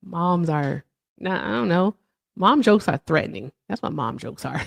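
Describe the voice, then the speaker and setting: Woman, livestream host, casual chat, lowish voice, dry close sound, laughs a lot. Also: animated, moderate pace, vocal fry, dry recording. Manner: chatty, laughs often, trails off.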